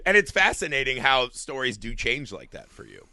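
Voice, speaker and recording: A middle-aged man co-hosting a podcast in casual, animated chat, swearing and laughing as he acts out quotes. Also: mid-range voice, moderate pace, no echo. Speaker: podcast co-host.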